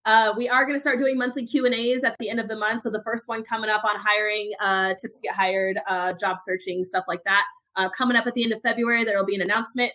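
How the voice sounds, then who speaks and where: A young woman co-hosting a podcast, talking in an animated, emphatic way as she rants about security advice. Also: medium pitch, fast, hardly any pauses. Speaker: podcast co-host. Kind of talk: casual podcast chat.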